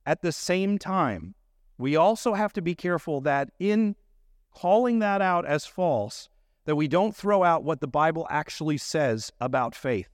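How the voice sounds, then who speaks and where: A man's voice: a little high, no echo, clean studio sound. A man pastor preaching a sermon, explaining scripture in an earnest, teaching manner.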